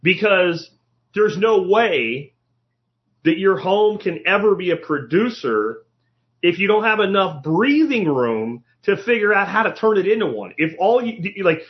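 A man's voice: high voice, very animated, unhurried, highs cut off. A man hosting a solo podcast, talking bluntly and casually, swearing now and then and often restarting his sentences. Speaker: podcast host.

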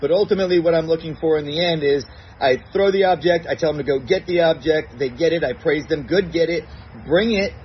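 A man who trains dogs, calmly explaining a routine step by step and acting out his commands in a bright, praising tone. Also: a little high, fast talker, lo-fi sound, a little hiss or hum. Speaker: dog trainer. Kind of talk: recorded instructional segment.

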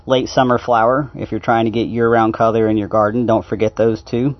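A man giving a casual talk as a homesteading consultant, unhurried and pausing often with fillers. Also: mid-range voice, level tone, dry recording. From Knoxville, Tennessee area. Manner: unhurried, with frequent "uh" pauses. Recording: dry, dull lo-fi sound.

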